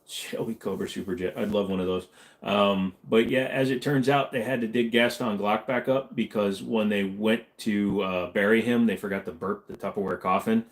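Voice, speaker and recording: A man's voice: lowish voice, moderate pace. A man hosting a loose late-night livestream Q&A, rambling from topic to topic. He cracks jokes and reads out viewers' messages in an easy, casual way. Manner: rambling, joking, reads chat messages aloud. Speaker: livestream host.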